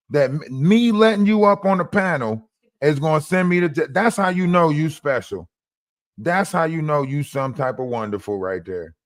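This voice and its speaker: A man in a heated livestream rant, mocking and profane, hammering the same phrases over and over. His voice sits a bit high for a man. It is dry and close on the mic. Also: dry recording. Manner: profane, mocking, repeats lines for emphasis. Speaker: livestream host.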